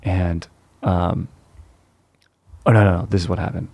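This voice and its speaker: A man's voice: low-pitched, level tone, unhurried, creaky, dark tone, dry recording, highs cut off. A young man chatting casually and profanely, calling everyone "dude" as he rambles through stories. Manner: laid-back, profane, says "dude" constantly. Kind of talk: casual chat.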